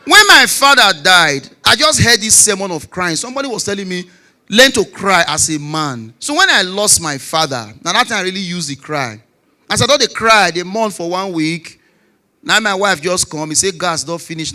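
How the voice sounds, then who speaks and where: A man in his forties with a Nigerian Pidgin English accent, telling stand-up comedy stories, shouting punchlines and dropping low for asides. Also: animated, normal speed. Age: 40s.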